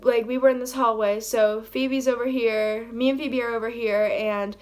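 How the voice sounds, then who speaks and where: Woman vlogger, a little high-pitched, casual storytime, excited and rambling, acts out the quotes. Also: moderate pace. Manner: acts out quoted lines in her own voice.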